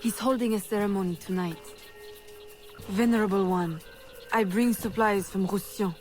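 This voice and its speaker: An actress playing a determined young woman adventurer in a video game, reporting briskly and urgently. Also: medium pitch, fairly even intonation, a little mellow, faint music behind, natural voice.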